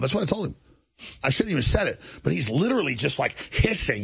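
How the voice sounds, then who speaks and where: A man's voice: on the high side, big pitch swings, fast talker, vocal fry, a bit bright, slightly rough. A man hosting a talk show, delivering an indignant monologue and acting out other people's lines as he tells the story. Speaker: show host.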